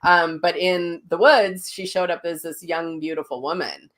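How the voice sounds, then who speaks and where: A woman hosting a casual chat, vividly retelling a story and acting out the voices in it. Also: moderate pace. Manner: animated retelling, acts out quotes with big pitch jumps. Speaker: host, psychic medium.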